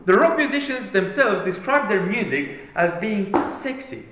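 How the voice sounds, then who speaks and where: Male preacher, high lively voice, emphatic sermon delivery, heavy room echo. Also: normal speed, few pauses, background noise. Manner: emphatic, declamatory reading. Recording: very echoey room.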